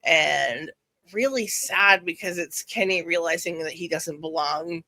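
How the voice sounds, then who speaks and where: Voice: medium pitch, a little slow, sharp tone, no room sound. A podcast co-host in casual chat about a TV show, chatty with laughing asides.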